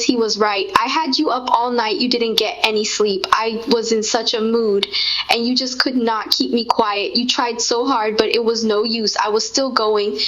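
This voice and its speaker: A woman in casual conversation with her partner, telling their shared story in an animated way. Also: on the high side, poor audio. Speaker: co-host recounting a shared memory.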